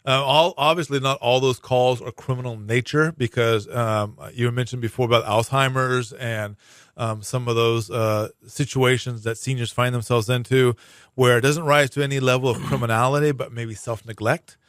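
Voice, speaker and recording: A man's voice: medium pitch, steady tone, moderate pace, fairly bright tone, clear, resonant tone, no room sound. Guy from hawaii on a radio talk show, explains stuff with lots of uh and um, dry sound. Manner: chatty, explanatory, many fillers and restarts. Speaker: prosecuting attorney guest. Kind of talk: casual radio interview. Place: radio studio.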